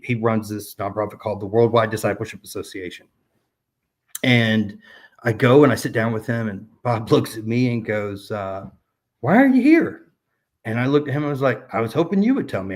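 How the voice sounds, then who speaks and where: Guy in his 30s rambling through a faith story, lots of ums and restarts, casual podcast chat. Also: fairly low pitch. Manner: rambling, many fillers and restarts. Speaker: podcast guest.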